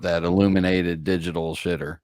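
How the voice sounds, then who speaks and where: Deep male co-host, dry close sound, mock-formal teasing. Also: flat delivery, moderate pace, a little mellow, no echo. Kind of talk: casual chat.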